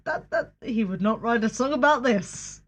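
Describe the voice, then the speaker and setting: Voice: mid-range voice, expressive, moderate pace, a bit bright. A podcast co-host in casual chat, dry and wry, laughing through complaints.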